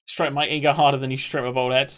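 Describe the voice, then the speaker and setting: Guy, casual game streamer, chatty, swears a lot, mid-pitched voice. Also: level tone, fast, fairly bright tone. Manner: chatty, swears, reads chat aloud. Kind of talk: casual gaming stream chat.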